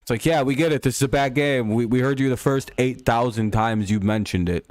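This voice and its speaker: A man's voice: medium pitch, a little fast, darkish tone, dry recording. A man hosting a casual live stream over a football game, ranting in irritation and swearing often.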